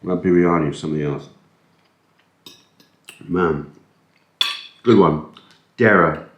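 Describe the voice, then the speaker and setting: A man with a deep, low voice rambles on in a relaxed, self-mocking way, stumbling over words as he eats. He is recorded on a camera-mounted mic in an echoey room. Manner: rambling, self-deprecating, talks with food in mouth. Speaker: food vlogger. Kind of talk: casual chat while eating. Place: indoors at a table, eating.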